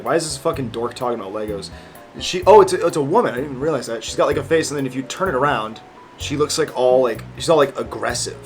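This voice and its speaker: A young man in his twenties chatting casually as a vlogger, rambling and joking with lots of fillers and swearing. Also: mid-range voice. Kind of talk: casual chat.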